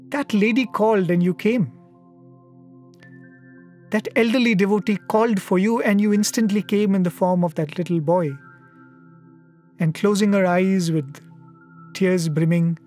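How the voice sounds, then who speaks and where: Earnest man telling a devotional story. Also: fairly high pitch. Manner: earnest, reflective storyteller with soft hesitations. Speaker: satsang speaker.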